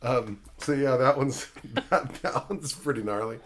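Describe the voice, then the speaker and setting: A man hosting a podcast, chatting casually and excitedly about a film, rambling with restarts and frequent swearing. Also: medium pitch, measured pace, slight background noise. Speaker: podcast host.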